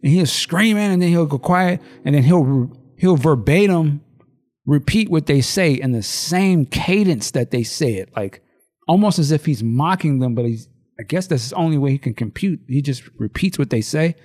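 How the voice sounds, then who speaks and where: A man on a casual podcast, retelling a movie in vivid, profane detail and acting out the quotes. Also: a little high. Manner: animated, profane storytelling with acted-out quotes and laughs. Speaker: podcast co-host.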